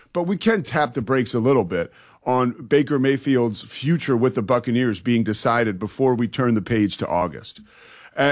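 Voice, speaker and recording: A man co-hosting a sports talk radio show, emphatic, stretching key words and laughing easily. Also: medium pitch.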